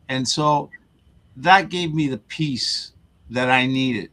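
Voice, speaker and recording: On a low-quality recording, a man with a medium-pitched, sharp voice speaks slowly. As a guest on an interview show, he earnestly tells a personal story in conversation, often repeating words and restarting sentences.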